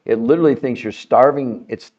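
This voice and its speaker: Speaking briskly in a mid-range voice, a middle-aged man hosts a health podcast and addresses viewers directly. He's emphatic and persuasive, getting livelier over time in this promotional talk, though the recording is muffled.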